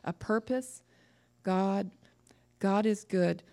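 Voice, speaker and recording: A woman preaching a sermon to a church, lively and laughing at her own asides. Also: mid-range voice, slow.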